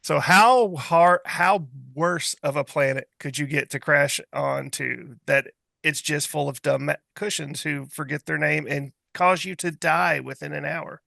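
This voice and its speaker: A man's voice: fairly high pitch, measured pace, vocal fry, pushed and bright, dry recording, clean studio sound. A man co-hosting a casual podcast, reading from his notes with jokes. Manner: reading notes aloud, joking. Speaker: podcast co-host. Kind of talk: casual panel chat.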